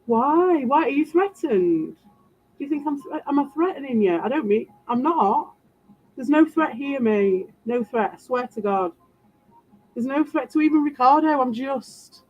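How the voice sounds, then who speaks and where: A woman's voice: on the high side, moderate pace, a little mellow. A British woman livestreaming and answering her chat, rambling defensively and tossing in sarcastic asides. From Britain. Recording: dull lo-fi sound.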